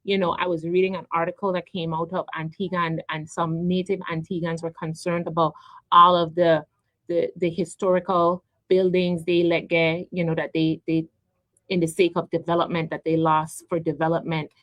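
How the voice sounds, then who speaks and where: A middle-aged woman talks on her radio show, searching for words, stumbling and restarting with plenty of ums. Her voice sits a little low for a woman and sounds close and dry at the studio mic. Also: little pitch movement, dry recording, poor audio. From U.S. Virgin Islands (St. Croix). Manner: halting, repeats words, many ums, heartfelt. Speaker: radio talk show host. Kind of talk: emotional personal monologue. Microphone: studio microphone.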